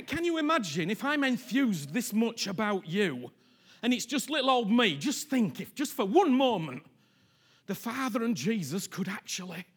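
A man preaching a sermon, impassioned, repeating phrases and swinging from hushed near-whispers to loud pleas. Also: sits high, slightly rough.

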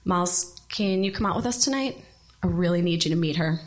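A woman voicing her earnest young male best friend, calm and sincere. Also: lowish voice, a little fast, voice pushed down, close to an everyday voice.

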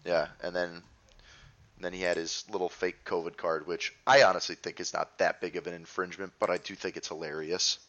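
A man's voice: sits low, little pitch movement, a little fast, bright, forceful tone, highs cut off. A man hosting a podcast in casual chat, wry and joking, with some swearing. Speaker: podcast host.

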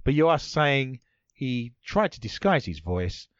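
A man's voice: medium pitch, sing-song, a little slow, clean tone, no echo, muffled recording. A man hosting a comedy podcast quiz, playful and teasing, full of puns. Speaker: quiz host.

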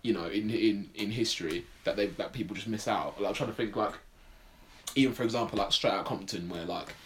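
A man's voice: fairly low pitch, brisk, slight background noise. A man co-hosting a podcast in casual chat, telling stories in a rambling way full of "like" and restarts. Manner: rambling, filler-heavy storytelling with lots of "like". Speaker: podcast co-host.

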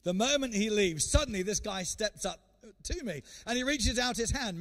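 A man preaching a sermon as an evangelist guest speaker, telling a story in an animated way and often repeating words. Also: high voice, brisk. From England.

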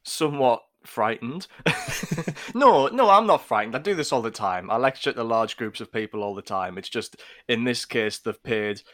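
Self-deprecating lecturer, lower voice. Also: male voice, moderate pace, fairly bright tone, no room sound, studio quality. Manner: self-deprecating, laughs easily. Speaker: lecturer and podcast co-host. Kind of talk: casual podcast chat.

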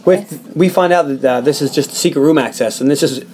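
A man's voice: a little high, brisk, darkish tone, slightly rough. A man hosting a podcast, casually retelling a film scene by scene with loose, profane storytelling. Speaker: podcast host recapping a film. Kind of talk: casual chat.

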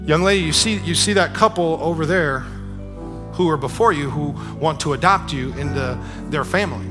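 A man voicing a kindly female judge gently asking a small orphan girl a question, slow and earnest, as storytelling within a sermon. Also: on the high side, music in the background, close to an everyday voice. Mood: gentle, solemn.

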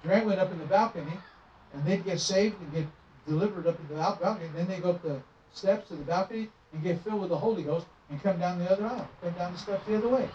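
A man's voice: high-pitched, fast. Distant roomy preacher man telling stories. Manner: animated storytelling, acting out dialogue. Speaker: traveling minister. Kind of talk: sermon storytelling. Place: church sanctuary. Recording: roomy, distant, muffled with noise.

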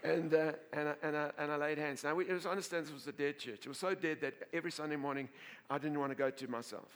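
A man preaching to his congregation in a bright, slightly high voice. He tells his story in an animated way, with frequent laughter and words he repeats and restarts as he builds to excited peaks. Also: fast talker. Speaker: pastor. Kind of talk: sermon with storytelling.

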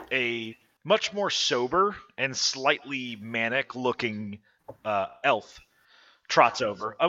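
A man's voice: fairly low pitch, sharp tone. A man narrating as game master, teasing his players dryly, on a dull lo-fi recording.

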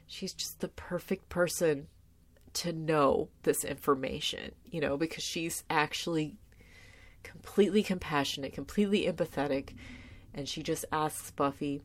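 A young woman talking casually about a TV episode, earnest and close to tears, with lots of filler words. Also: deep voice. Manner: heavy use of filler words like "like". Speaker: tv show commentator. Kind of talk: casual personal commentary.

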